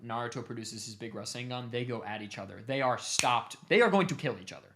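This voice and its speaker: A young man casually retelling a long story to his family, animated and cursing offhandedly. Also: mid-range voice, quick pace, noisy background. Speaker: streamer host.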